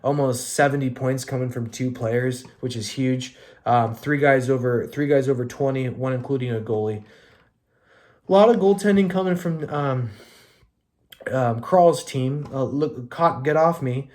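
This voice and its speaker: A young man hosts a casual fantasy hockey podcast in an easygoing, mid-pitched voice. He rattles through the week's scores loosely and swears freely. Every so often he drifts into mock rants aimed at his league mates. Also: unhurried, a little mellow.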